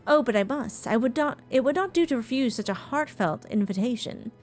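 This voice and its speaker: A woman's voice: on the high side, lively intonation, fairly quick, darkish tone, natural voice. A woman voicing a young, earnest nobleman who speaks politely in formal, old-fashioned phrasing, with faint game music behind her.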